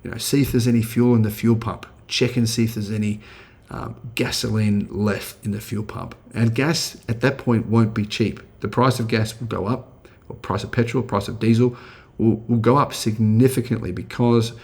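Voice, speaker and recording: With a fairly low, steady voice at normal speed and a slight mellowness, the middle-aged Australian host chats casually through his video. He often restarts and leans on fillers.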